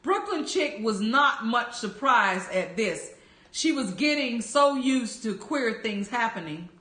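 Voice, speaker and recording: A woman reading a bedtime story aloud, narrating slowly and gently. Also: a little high, sing-song. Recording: roomy echo.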